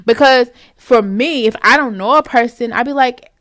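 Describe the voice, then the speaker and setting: Woman vlog host, casual commentary, emphatic and chatty, somewhat high pitch, dry close sound. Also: normal speed, fairly bright tone, no echo. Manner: emphatic, chatty, calls the listener "baby". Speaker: vlog host giving opinions.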